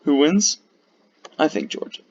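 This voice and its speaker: A man's voice: a little slow, a little hiss or hum. A tired man giving casual, rambling commentary full of fillers and the odd curse while ranking flags. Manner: rambling, profane, many fillers. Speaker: video creator ranking flags. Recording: dull lo-fi mic.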